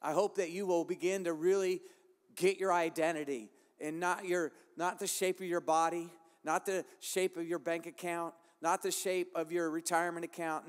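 High-voiced male preacher in a reverberant hall. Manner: impassioned, repetitive preaching cadence. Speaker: pastor. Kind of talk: sermon.

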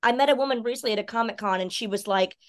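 Woman, from Texas and North Carolina, fast talker, bubbly casual chat. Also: fairly high pitch. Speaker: host. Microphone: video call.

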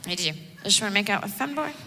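A woman voicing a drunk young woman at a bar, talking in a lowered, slurred, dreamy plea. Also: expressive, rapid-fire, natural voice. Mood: wistful. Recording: echoey live room with noise.

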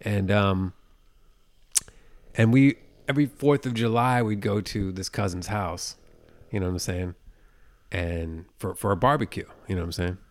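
A man's voice: low voice, normal speed. A man co-hosting a podcast in casual chat, telling rambling stories and often checking in with "you know what I'm saying". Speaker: podcast co-host.

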